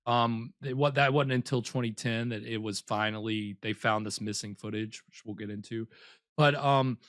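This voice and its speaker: A man's voice: on the low side, steady tone, normal speed, a bit bright, no room sound. A young man hosts a live movie night in a loose, rambling way. He keeps restarting and circling back with lots of filler. The sound is dry and close. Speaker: host. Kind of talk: casual chat.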